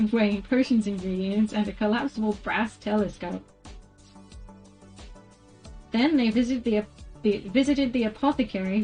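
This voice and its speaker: A woman's voice: medium pitch, darkish tone, poor audio. A woman reading a storybook aloud on a stream in a casual way, often stumbling over words, correcting herself and apologizing.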